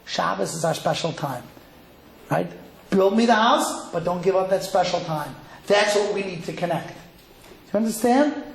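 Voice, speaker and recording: A man's voice: high-pitched, very echoey, rough recording. A man from Cleveland, Ohio, giving a sermon as a rabbi, telling stories and acting out the people in them. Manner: animated storytelling, acting out quoted voices.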